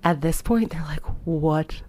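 A woman's voice: deep voice, steady tone, a little slow. A young woman casually retelling a horror story in a chatty way, full of filler words and disgusted reactions.

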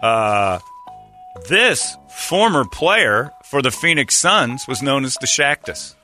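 A man's voice: medium pitch, expressive, slow pace, sharp tone, faint music behind. A man hosting a radio quiz game, brash and joking as he reads clues and banters. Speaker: radio show host running a quiz game.

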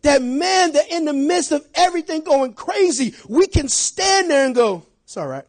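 A middle-aged man preaching a sermon, swinging from shouted lines to quiet asides and laughing often. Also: extremely high pitch, normal speed.

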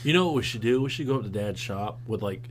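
A man's voice: lowish voice, animated, fast talker, a little hiss or hum, low-quality recording. A young man co-hosting a podcast, agreeable and rambling, backing his partner up with repeated yeahs and telling crude anecdotes. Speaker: podcast co-host. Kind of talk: crude casual chat.

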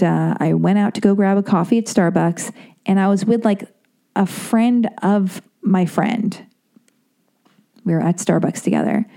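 A creaky, medium-pitched voice belongs to a woman in her thirties. She rambles in a casual, animated monologue, cutting herself off with stutters and restarts as she gets worked up, and she acts out voices when quoting people.

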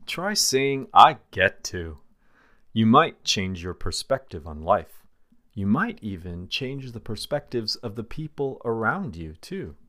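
A man hosting a scripted language lesson podcast, speaking in a calm, deliberate and clearly enunciated way. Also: lowish voice, no room sound, clean studio sound.

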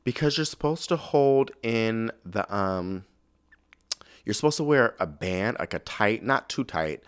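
A man's voice: lowish voice, animated, smooth. A man hosting a podcast in sassy, gossipy casual chat, swearing freely and calling listeners "girl.". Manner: sassy, gossipy, drawn-out exclamations. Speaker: podcast host.

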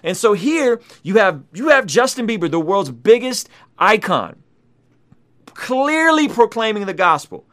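Emphatic preaching man, bright voice. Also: high-pitched, big pitch swings, measured pace. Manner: emphatic, repeats key points. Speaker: Christian video host. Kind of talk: preaching commentary.

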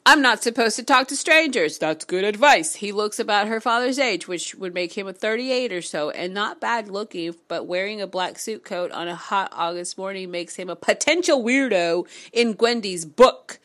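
A woman reading a novel aloud on camera, breaking off into excitable, swearing reactions. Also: mid-range voice, moderate pace, few pauses. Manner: animated, swearing, excitable asides. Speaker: book reader vlogger. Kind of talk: casual read-aloud with reactions.

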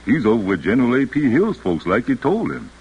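A husky, deferential camp servant. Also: male voice, mid-range voice, very animated, a little fast. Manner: deferential, drawling. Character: humble male camp servant, drawling and deferential. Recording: dull old radio recording.

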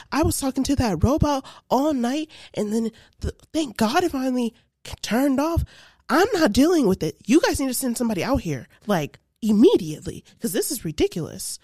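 A woman imitating her exasperated mother complaining on the phone, indignant and fast, in a dry room. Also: a little high, expressive, darkish tone, no echo, close to an everyday voice. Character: exasperated mother ranting at a helpline.

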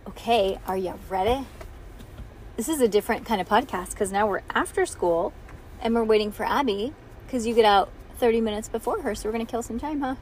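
A woman reads a storybook to her kid, gentle and chatty as she goes. Her voice sits a bit high, and a faint hiss hangs under the recording. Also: brisk, poor audio. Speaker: podcast host and parent. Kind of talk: reading a children's book aloud. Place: at home after school.

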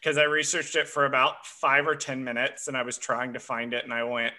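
With a mid-range voice that barely moves in pitch, this podcast co-host speaks fairly quickly in a sharp tone. He casually discusses an episode, chatty and self-styled as a history nerd, peppering his talk with "uh" fillers.

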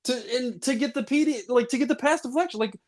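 A man co-hosting a casual sports podcast, talking excitedly and rambling with lots of fillers. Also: extremely high pitch, fast. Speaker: podcast co-host.

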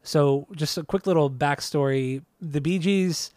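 A man co-hosting a casual podcast chat, relaxed and rambling, often restarting his sentences. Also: fairly high pitch, a little slow, dry recording, clean studio sound. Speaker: podcast co-host.

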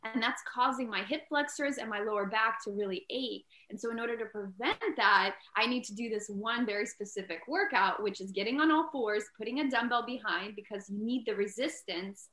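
Bright-voiced woman in an echoey room. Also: fairly high pitch, brisk, hardly any pauses. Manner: earnest, peppered with "like", grows loud and emphatic. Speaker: entrepreneur and inventor, interview guest. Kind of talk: casual interview talk.

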